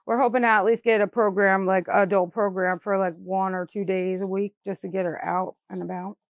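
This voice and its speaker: A woman's voice: mid-range voice, flat delivery, brisk, no echo. A middle-aged woman from New York State, a mother giving a documentary interview, speaking candidly and in plain everyday words, with frequent "like" and "you know" fillers. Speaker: mother of a crash victim.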